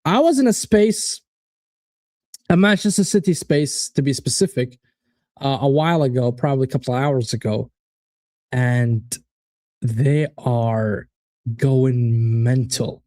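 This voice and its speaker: A man's voice: mid-range voice, unhurried, long pauses, dry recording. Fired-up man hosting a football watchalong. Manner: animated, swearing, reads out chat predictions. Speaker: watchalong host. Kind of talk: casual live-stream football chat.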